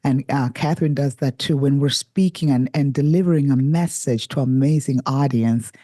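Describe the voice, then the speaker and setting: A woman's voice: extremely low pitch, moderate pace, mellow, no room sound, clean studio sound. A woman hosting a podcast interview, speaking enthusiastically with effusive praise for her guest. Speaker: podcast host.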